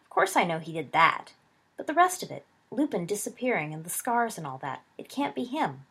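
A woman's voice: lowish voice, very animated, brisk, fairly bright tone, slightly rough, full character voice. A woman reading a cheeky eager schoolboy.

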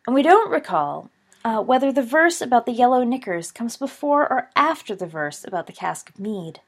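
A woman's voice: fairly high pitch, big pitch swings, moderate pace, pitched above the performer's own voice. Laid-back older-brother wizard, dry and fond, a woman doing the voice, audiobook read. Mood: easygoing. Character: teasing young adult wizard, easygoing older brother. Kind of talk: audiobook character voice.

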